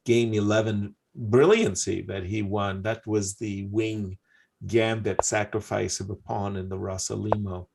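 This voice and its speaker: An older male chess commentator with a low, gravelly voice. He tells stories in a relaxed chat, breaking into laughing asides as he goes. A faint hiss sits behind him. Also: a little slow. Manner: animated anecdotes with laughing asides. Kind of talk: casual storytelling commentary.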